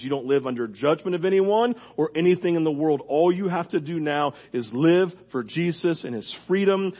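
A man preaching a conversational sermon as pastor, animated and casual, full of fillers, his voice leaping up when he gets fired up. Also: on the high side, highs cut off.

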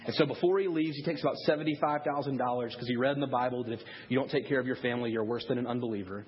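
A man preaching a sermon to parents, telling a story in a lively way and acting out the people he quotes. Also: mid-range voice, racing, lo-fi sound, slight background noise. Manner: animated storyteller, acts out quoted voices. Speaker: pastor.

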